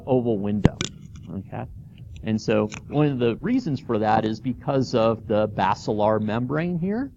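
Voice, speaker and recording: A man's voice: mid-range voice, a little mellow, muffled recording, a little hiss or hum. A man teaching a college anatomy and physiology class, informal and checking in with students as he explains. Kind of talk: classroom lecture. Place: lecture hall.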